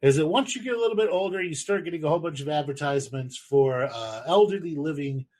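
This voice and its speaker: Guy rambling, swears a lot, kinda high voice, casual chat. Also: quick pace, a little mellow. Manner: rambling, profane storytelling. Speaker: podcast host.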